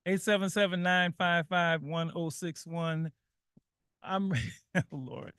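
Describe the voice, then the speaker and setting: A man with a high, bright voice hosts a call-in radio show. He talks in an animated way, reads quotes aloud and laughs often. The sound is dry and close on a studio mic. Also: slow pace, clear, resonant tone, no room sound.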